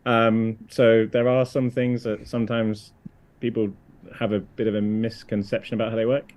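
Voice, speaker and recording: Deep-voiced man. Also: flat delivery, darkish tone. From United Kingdom. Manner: halting, with many restarts and fillers. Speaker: guest on a photography chat stream. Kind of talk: casual live-stream chat.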